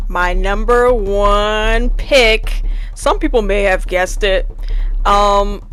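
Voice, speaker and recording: Slow-talking woman reviewing films. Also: a little high, a bit bright, clear, resonant tone. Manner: chatty, laughs often, many restarts. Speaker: movie reviewer. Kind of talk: casual movie review chat.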